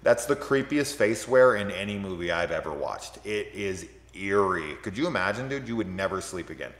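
A man's voice: sits low, expressive, normal speed, a bit bright. A man in his thirties talking casually about movies on a livestream, rambling, swearing and laughing often. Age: 30s. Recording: echoey room with long reverb.

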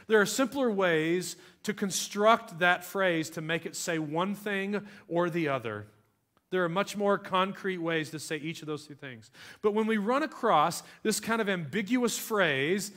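A man with a fairly high voice preaches to his congregation in a loose, talky way. He drops to quiet asides, then leans hard on key words. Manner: conversational preaching, swings between soft and emphatic. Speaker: pastor. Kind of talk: sermon.

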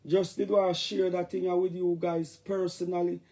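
A Jamaican man chatting loosely on a live stream, his voice sitting high for a man. He rambles and jumps between topics, now and then bursting into loud catchphrases. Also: little pitch movement, moderate pace. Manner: rambling, playful, shouts catchphrases. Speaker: dancehall artist talking to fans. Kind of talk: casual live-stream chat.

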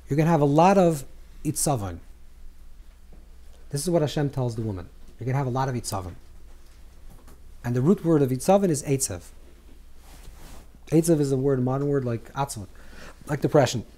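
A man teaching a Kabbalah lesson to a live group, animated, repeating words as he searches for phrasing and acting out scripture dialogue. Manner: acts out scripture dialogue with swings in pitch and volume.

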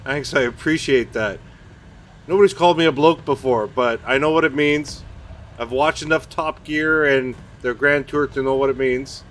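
A man's voice: mid-range voice, normal speed, a bit bright, slight background noise. A man, streaming a tank game from his home basement, chatting casually with viewers, mocking himself and swearing when things go wrong. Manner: chatty, self-mocking, swears and blurts out during play. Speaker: gaming streamer. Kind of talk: casual live-stream commentary while playing.

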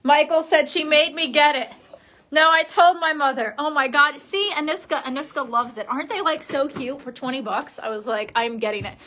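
Her voice is high-pitched, bright, and pushed, and she talks fairly quickly with few pauses. A young Queens, New York woman, she's on a livestream from the bedroom she grew up in, chatting with viewers in a giggly, talkative way and laughing a lot.

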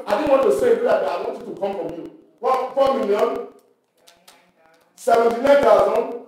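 A man leads a Bible study for church workers, reading verses aloud and pausing to quiz his listeners. His voice sits high, and it is picked up from far away. The hall around him rings with heavy echo. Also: darkish tone, a little hiss or hum. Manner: preacherly, asks the audience questions and reads scripture aloud. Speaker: church leader teaching workers. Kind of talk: Bible teaching at a leadership meeting. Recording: echoey hall recorded from far off.

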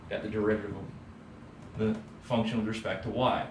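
Relaxed man teaching math in a roomy room. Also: lowish voice, normal speed. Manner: relaxed, tags points with "right?". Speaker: economics teacher. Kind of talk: casual math lecture. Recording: roomy, distant mic, faint background hum.

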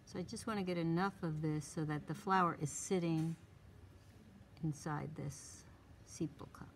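Woman art teacher, live demonstration, low gravelly voice, thinking aloud, coaxing short cues. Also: steady tone, normal speed, slight background noise. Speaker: drawing instructor. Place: classroom with a small audience.

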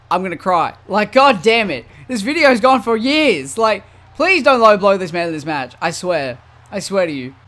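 A man giving casual, slangy commentary over a wrestling video game, swinging from low muttering to excited shouts. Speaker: gaming YouTuber.

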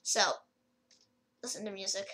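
A woman's voice: mid-range voice, steady tone, normal speed, low-quality recording. A woman rambling casually through a gameplay video, with lots of fillers and restarts as she comments. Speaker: gaming video creator.

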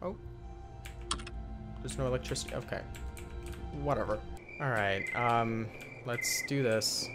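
A man hosting a gaming channel, giving jokey let's-play commentary as he talks to the game and bursts into loud yells. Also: mid-range voice, unhurried, pauses often. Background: game music.

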